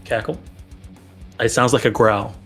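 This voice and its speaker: A man's voice: medium pitch, steady tone, unhurried, fairly bright tone, husky, soft background music. Hesitant man thinking aloud as a player. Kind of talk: casual tabletop game play.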